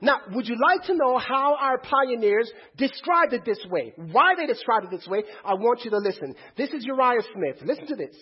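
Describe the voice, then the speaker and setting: A man's voice: very high voice, very animated, moderate pace, hardly any pauses, slightly rough, dull audio. A man preaching a sermon to a congregation in a church, firing rhetorical questions and calling on the crowd to answer.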